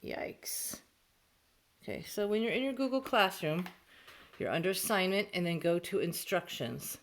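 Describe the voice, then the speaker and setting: Patient woman teacher, lowish voice. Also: lively intonation, slight background noise. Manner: slow, patient, explaining step by step. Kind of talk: remote class lesson for children. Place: home, near the dining room.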